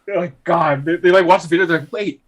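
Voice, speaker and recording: A man's voice: fairly high pitch, fairly even intonation, fast talker. A man co-hosting a podcast, riffing and laughing a lot in casual slang. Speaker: podcast co-host. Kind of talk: casual chat.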